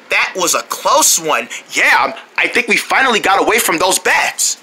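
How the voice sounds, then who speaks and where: Woman, kids' cartoon storyteller: very animated, bright and a little husky, playful. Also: fairly low pitch, normal speed, few pauses. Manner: playful and excitable, calls out to the audience. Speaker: children's video storyteller. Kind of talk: animated voice acting for kids, talking to the viewers.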